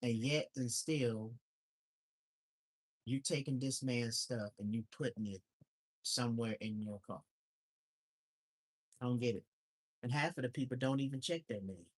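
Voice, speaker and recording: A man's voice: medium pitch, measured pace, long pauses. A man talks on a casual livestream in a blunt, exasperated rant. He swears freely and circles back to the same complaints again and again. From lives in Alaska. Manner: blunt and ranting, with profanity; repetitive and exasperated.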